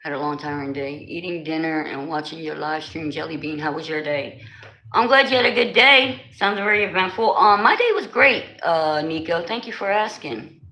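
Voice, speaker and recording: A woman's voice: low-pitched, animated, normal speed, bright, forceful tone, slight background noise, low-quality recording. A woman with a New Jersey accent chatting casually on a live stream, greeting and answering her viewers.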